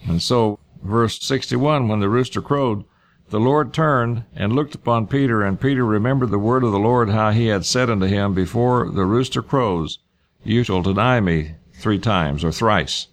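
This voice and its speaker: A man's voice: fairly low pitch, moderate pace. A man preaching through a Bible passage verse by verse, reading each verse aloud and then restating it in plain everyday words, often repeating key phrases for emphasis. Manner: reads scripture aloud then paraphrases it in plain speech.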